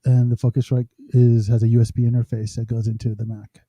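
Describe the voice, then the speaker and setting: A man with a deep, very dark voice co-hosts a live stream in casual chat. He rambles as he fiddles with his sound gear, and his mic sounds dry and close. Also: flat delivery, a little fast, no echo. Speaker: podcast co-host.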